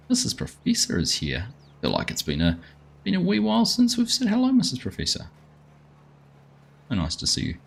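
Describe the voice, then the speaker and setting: Husky New man chatting on stream. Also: sits low. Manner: chatty, greets viewers by name. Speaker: gaming livestream host. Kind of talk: casual chat while playing a farming game.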